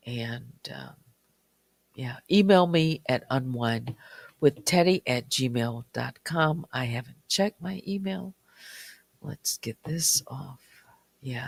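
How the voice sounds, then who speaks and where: Slow, hushed late-night stream host. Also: mid-range voice, no room sound. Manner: slow, quiet, often near a whisper. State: slightly dry, strained voice. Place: small warm room at home.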